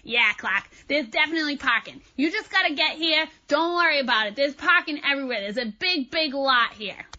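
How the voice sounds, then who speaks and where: A man's voice: very high voice, animated, a little fast, bright, forceful tone, muffled recording, heavily acted. A woman doing a breezy Boston running coach. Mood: reassuring. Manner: breezy and reassuring. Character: laid-back male running coach.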